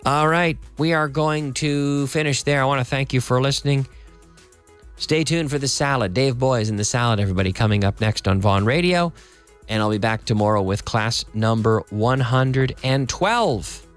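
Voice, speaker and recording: Faint music plays behind a Canadian man, an English teacher speaking with a Canadian English accent on a radio show in a studio. He talks at a normal speed in a clean, mid-range voice, explaining casually, drifting a little off track and spelling out words one letter at a time.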